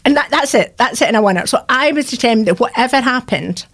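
A woman's voice: on the high side, lively intonation, quick pace, a bit bright. Woman, 60s, radio guest, earnest heartfelt storyteller, voice prone to cracking. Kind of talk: radio interview, personal testimony.

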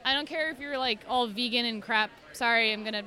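Bright, high-voiced woman telling lively stories. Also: a little fast. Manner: animated storyteller who swears casually and acts out her cats. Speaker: guest, cosplayer. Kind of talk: casual chat.

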